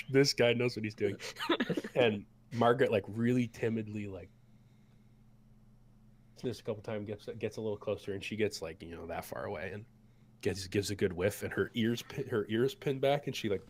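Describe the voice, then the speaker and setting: Low-voiced man running a tabletop game. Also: slight background noise. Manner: casual, many fillers and restarts. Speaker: game master.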